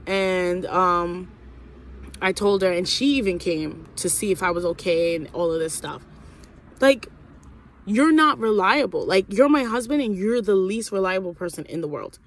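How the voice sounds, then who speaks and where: Young woman, casual storytime vlogger: profane, animated venting, acts out the voices in her story. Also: on the low side, normal speed.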